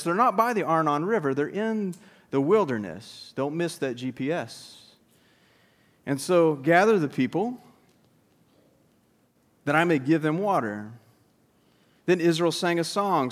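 A man preaching a sermon, animated, with asides to the congregation and sudden rises and drops for emphasis. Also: a little high. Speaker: pastor.

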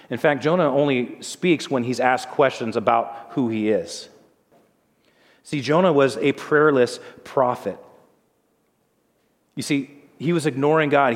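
A male pastor preaching a sermon, telling the story in a conversational way with dramatic drops in his voice. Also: mid-range voice. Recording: long hall reverb.

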